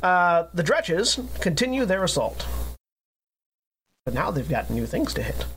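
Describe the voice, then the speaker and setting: A man narrating a tabletop game as dungeon master, relaxed and chuckling. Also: sits high, unhurried, slight background noise.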